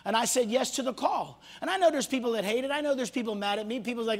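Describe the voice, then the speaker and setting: A male pastor preaching a sermon to a congregation, swinging from loud shouts to hushed near-whispers and acting out the voices of people he quotes. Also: high voice, quick pace, hardly any pauses. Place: church hall before a congregation.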